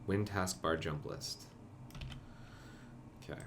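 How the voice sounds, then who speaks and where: A man's voice: sits low, slow pace, noisy background. A man streaming himself coding, thinking aloud and muttering to himself in a casual way. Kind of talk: casual live-coding commentary.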